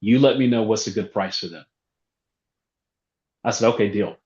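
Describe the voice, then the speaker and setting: Animated man telling a story in a roomy hall. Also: fairly low pitch, normal speed. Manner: animated storyteller, acts out phone calls, laughs often. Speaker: real estate investor. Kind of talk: conference talk storytelling. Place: event room. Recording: roomy, dull lo-fi sound.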